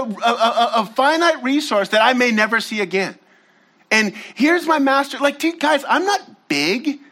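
A man preaching a sermon in an unusually high voice that swoops up and down. He talks in a loose, casual way, drifts into side stories, and often turns to speak straight to his listeners. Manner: animated, casual storytelling with slangy asides to the audience. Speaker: pastor.

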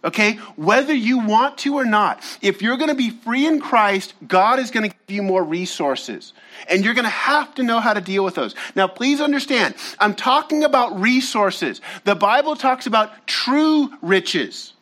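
Male pastor, sermon delivery: high-pitched, lively, conversational storyteller who breaks off to address the crowd directly. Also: moderate pace. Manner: animated, casual storytelling with slangy asides to the audience.

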